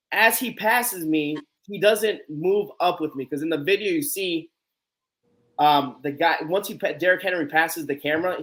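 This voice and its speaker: A man hosting a live stream, telling a story with lots of energy and acting out the quotes. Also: on the high side. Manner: animated storyteller, acts out quotes. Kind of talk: casual storytelling chat.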